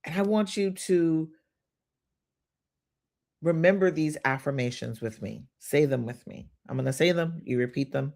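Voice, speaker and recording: A livestream host leading guided gratitude visualization and slow repeated affirmations, shifting into informal, upbeat preaching with slang and greeting viewers by name. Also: medium pitch, creaky, a little mellow. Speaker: host of a live money-mindset session.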